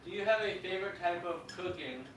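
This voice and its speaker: A woman's voice: lowish voice, brisk, slight background noise. A woman chatting off camera with the host, making offhand teasing remarks. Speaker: host's partner off camera. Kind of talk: casual chat. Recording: roomy and distant off-camera pickup.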